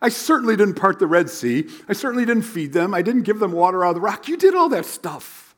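A man's voice: sits high, very animated, fairly quick, pitched above the performer's own voice. A man voicing an exasperated Moses, pleading. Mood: protesting. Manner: emphatic, protesting. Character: exasperated adult male Moses pleading with God.

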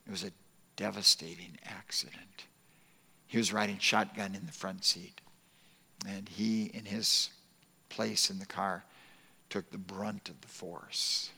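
Male pastor, sermon, gravelly, bright tone, slow earnest storytelling, soft whispered repeats, long church reverb. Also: deep voice, level tone. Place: church sanctuary.

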